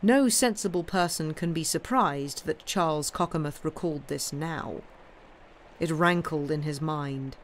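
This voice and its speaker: A woman reading a classic story aloud on a live stream, with steady, expressive narration. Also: sits low, unhurried, a little hiss or hum. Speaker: reader of classic stories.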